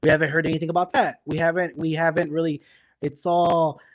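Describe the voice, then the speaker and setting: Podcast co-host, male, higher voice, meandering delivery that stops and restarts. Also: level tone, brisk. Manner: rambling, many restarts. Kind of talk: live podcast chat about films.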